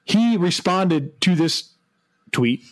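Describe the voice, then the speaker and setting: A man's voice: high-pitched, animated, slow pace. A young man co-hosting a casual sports podcast, laughing often and restarting his sentences. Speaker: podcast co-host.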